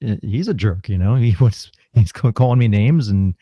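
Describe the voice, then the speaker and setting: A man's voice: on the low side, moderate pace, slightly rough, no room sound. A middle-aged man from South Florida, co-hosting a podcast, telling casual anecdotes and laughing as he goes. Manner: laughs through animated anecdotes. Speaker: podcast co-host. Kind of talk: casual storytelling chat. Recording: muffled lo-fi recording.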